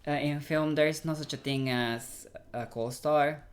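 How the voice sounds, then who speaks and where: Mexican-accented man, halting and searching. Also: on the high side, steady tone, slight background noise. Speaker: actor guest. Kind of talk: casual interview chat.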